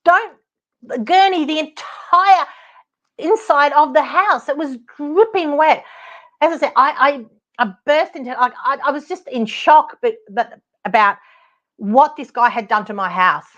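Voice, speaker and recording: A middle-aged woman with an Australian accent, hosting a podcast and telling a story in a casual, animated, exasperated way, laughing often and swearing now and then. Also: sits high, a little slow. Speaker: podcast host, property advocate. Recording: dull lo-fi podcast audio.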